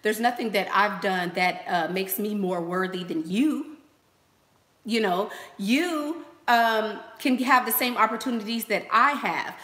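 A woman's voice: medium pitch, a little slow, pushed and bright, reverberant. A woman hosting a casual livestream, giving advice in a chatty way, repeating phrases and using lots of fillers. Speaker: host.

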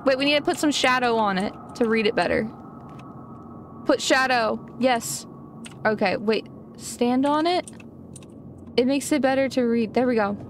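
A young woman streaming a video game, reacting excitably with frequent gasps and laughter as she chats casually. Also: a little high, moderate pace, pauses often, a little hiss or hum. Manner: excitable, gasping and laughing often. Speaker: gaming streamer. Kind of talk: casual gameplay commentary.

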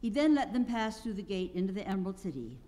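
A woman narrating a classic story for a live audience at a literary evening. Her reading is expressive, the pitch swinging widely through each sentence. The sound carries a long echo from the auditorium. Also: fast talker. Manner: animated storytelling. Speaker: reader at a literary event. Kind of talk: expressive read-aloud narration. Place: auditorium stage.

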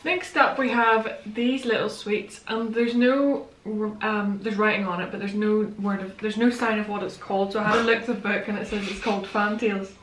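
A young woman with a Northern Irish accent, chatting casually and excitably while tasting snacks at home. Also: medium pitch, moderate pace, hardly any pauses. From Northern Ireland. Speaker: vlogger. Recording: echoey room, mic at a distance.

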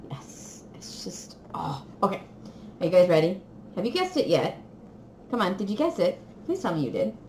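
An excitable woman gushes to her viewers in a casual unboxing chat, her pitch swooping up and down as she giggles. She sounds as if she is in an echoey room, with a faint hiss behind her. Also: brisk, long pauses. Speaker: crafting vlogger.

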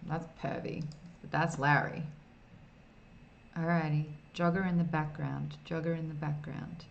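A woman's voice: deep voice, little pitch movement, measured pace, gravelly, lo-fi sound, a little hiss or hum. Chatty woman streaming a retro game. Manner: chatty, self-mocking, reads game text aloud. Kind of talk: casual gaming stream commentary.

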